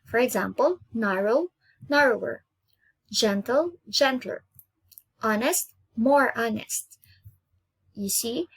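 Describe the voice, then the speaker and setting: A woman with an Indonesian accent teaching an English grammar lesson, explaining rules patiently and repeating each example slowly. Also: a little high, husky.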